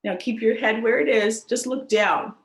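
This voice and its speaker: A woman teaching a chair yoga class, giving gentle, cheerful instructions and laughing often. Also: on the high side, steady tone, moderate pace. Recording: echoey room.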